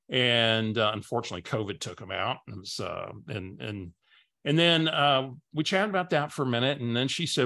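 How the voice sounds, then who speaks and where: Bright-voiced male business coach. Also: medium pitch, animated, normal speed. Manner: repeats words, conversational storyteller. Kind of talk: webinar storytelling presentation.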